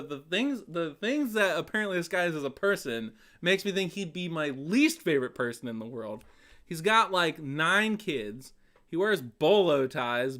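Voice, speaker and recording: A man's voice: a little high, sharp tone. A man hosting a casual web show, rambling with sarcastic jokes and frequent laughter. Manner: joking, sarcastic asides, laughs often. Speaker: host of a songwriting web show.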